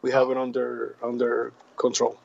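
A man from Puerto Rico, a native Spanish speaker with a Puerto Rican accent, talking in a casual interview in halting, repetitive English. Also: medium pitch, monotone, gravelly, highs cut off. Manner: halting, repeats words, drops grammar. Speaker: guest.

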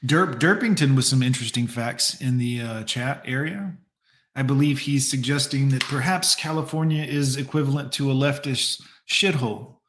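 A man's voice: mid-range voice, normal speed, fairly bright tone, reverberant. A man giving mocking, sarcastic commentary to his stream chat while reacting to a video.

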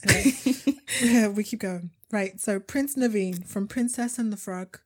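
A woman's voice: mid-range voice, unhurried, a little mellow. A young woman co-hosting a podcast, chatting casually and laughing easily. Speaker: podcast co-host. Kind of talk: casual chat.

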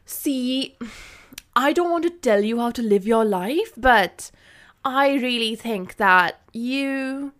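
A woman's voice: a little high, lively intonation, slow pace, a bit bright. Posh middle-aged Indian auntie, put on by a woman: prim, preachy, accent drifting. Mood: prim concern.

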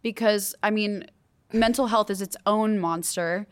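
A young woman hosts a relaxed round-table podcast chat. She talks candidly and earnestly, leaning on fillers as she thinks aloud, at a medium pitch. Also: a little slow. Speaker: podcast host.

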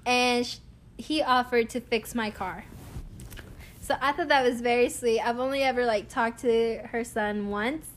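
A young woman, telling a long everyday story in a casual, animated way and laughing often. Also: a little high, unhurried, slight background noise. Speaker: vlogger.

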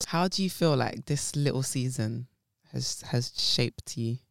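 A woman co-hosting a casual podcast chat, calmly asking gentle, probing questions. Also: extremely low pitch, a little slow, creaky, dry recording, studio quality. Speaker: podcast co-host.

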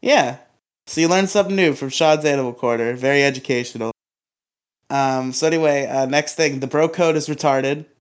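A man's voice: medium pitch, a little fast, smooth. A man co-hosting a podcast, talking casually with crude language and frequent laughter. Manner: crude, laughs often, swears freely. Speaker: podcast co-host.

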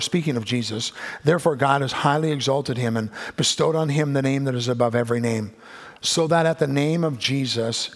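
A male pastor delivers a sermon with a gravelly, husky voice. He builds to emphatic, rising peaks. He slips into the voices of imagined listeners, then drops low and quiet again.

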